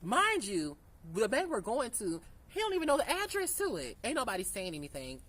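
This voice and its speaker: A woman's voice: fairly high pitch, a little fast, low-quality recording. A young woman vlogger telling a casual, candid storytime, swearing freely and acting out the dialogue. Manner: candid, profane, animated retelling with quoted dialogue.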